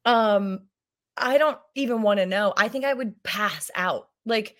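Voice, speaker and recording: A woman's voice: mid-range voice, slow. A woman in her thirties chatting as a podcast guest. She rambles, stumbles over her own sentences and laughs often as she talks. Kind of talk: casual chat.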